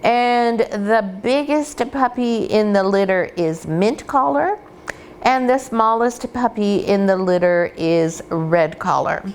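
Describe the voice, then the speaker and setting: Gentle woman dog breeder teaching. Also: mid-range voice, slow, slight background noise. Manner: gentle, cooing baby talk to the puppies. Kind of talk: instructional demonstration.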